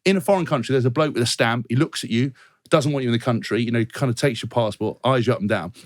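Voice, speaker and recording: Sweary ranting podcast host. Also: male voice, medium pitch, fast talker, dry recording, studio quality. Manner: ranting, sweary, animated storytelling. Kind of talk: casual podcast chat.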